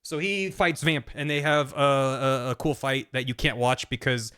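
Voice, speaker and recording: A man's voice: medium pitch, fairly even intonation, moderate pace, bright, forceful tone, smooth. A young man streaming a casual plot recap, rambling and chatty with lots of fillers. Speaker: streamer host.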